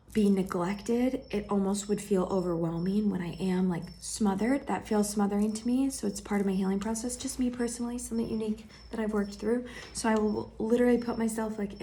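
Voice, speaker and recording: A woman sharing a heartfelt personal vlog, speaking gently and intimately to the viewer and often dropping into a soft whisper. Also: medium pitch. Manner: affectionate, speaks straight to the viewer.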